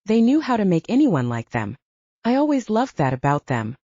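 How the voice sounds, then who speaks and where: A woman voicing a sweet, warm young woman assistant. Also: mid-range voice, sing-song, normal speed, no echo, pitched above the performer's own voice. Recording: dull dry audiobook recording.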